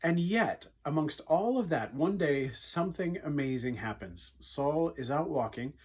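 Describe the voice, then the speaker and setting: A man's voice: a little high, lively intonation, a little slow, darkish tone, slightly rough. A man giving an earnest, conversational devotional talk for young people, retelling a Bible story. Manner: earnest, conversational, with frequent fillers. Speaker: youth speaker.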